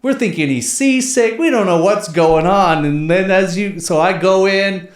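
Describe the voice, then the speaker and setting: A man's voice: sits high, measured pace. A man hosting a podcast, telling stories in a casual, slangy way, swearing and saying "dude" a lot. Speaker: podcast host. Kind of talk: casual storytelling chat. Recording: roomy echo.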